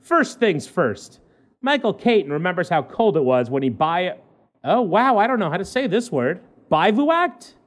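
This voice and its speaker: A man's voice: high voice, big pitch swings, normal speed. A man co-hosting a casual talk show, joking as he reads an odd news story aloud and trips over words. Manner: joking, stumbles over words while reading. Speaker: podcast co-host.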